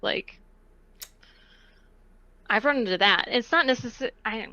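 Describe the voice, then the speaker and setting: A woman's voice: fairly high pitch, a little slow, bright, forceful tone, dry recording, lo-fi sound. A woman guest telling a story in casual chat, hesitant with lots of fillers. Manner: chatty, hesitant with many fillers. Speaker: podcast guest.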